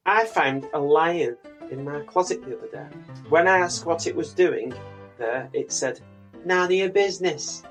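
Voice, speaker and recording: A man's voice: on the high side, normal speed, a bit bright. Man, Northern English accent, podcast co-host, teasing, playful, faint music behind. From Northern England. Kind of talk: casual comedy banter.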